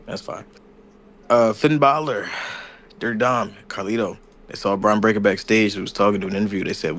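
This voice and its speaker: A man with a fairly low voice talks through a wrestling show in relaxed podcast chat. He tells it loosely, dropping slang and sound effects as he goes. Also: fairly quick. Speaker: podcast co-host. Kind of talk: casual wrestling recap chat.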